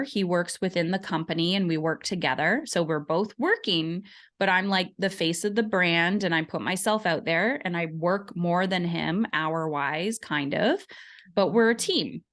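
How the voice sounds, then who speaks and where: Woman in her forties, podcast guest, lively storyteller who acts out quoted voices. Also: fairly low pitch. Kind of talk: conversational interview.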